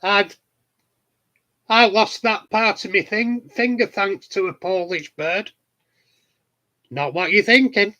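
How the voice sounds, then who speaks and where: A middle-aged Yorkshire man with a fairly high, bright voice chats to his viewers in a slow, unhurried way. He tells cheeky, plain-spoken anecdotes in a casual manner. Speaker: hobbyist vlogger answering viewers. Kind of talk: casual chat. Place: home garden shed.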